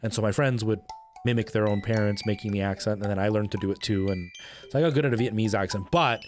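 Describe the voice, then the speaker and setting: A man chatting casually on a livestream while playing a game, rambling and restarting his sentences and breaking into excited outbursts. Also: fairly low pitch, fast, soft background music. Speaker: game streamer.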